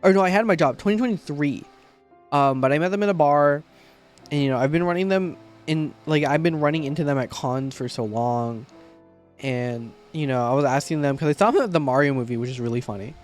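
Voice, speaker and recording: A man's voice: fairly high pitch, a little fast, a little mellow, soft background music. A young man streamer in casual livestream chat, rambling and heartfelt, with frequent swearing.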